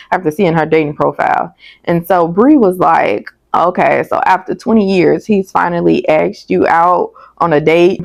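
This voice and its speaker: A woman's voice: fairly low pitch, gravelly, a little mellow, no room sound. A woman reviewing a TV episode in casual, candid commentary, chatty and prone to tangents, on a dull lo-fi recording. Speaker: TV show reviewer.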